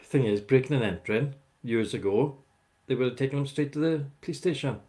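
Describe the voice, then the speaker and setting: A man's voice: mid-range voice, fairly quick, mellow. A man hosting a casual livestream, rambling as he chats with viewers by name. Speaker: livestream host chatting with viewers. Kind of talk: casual live chat.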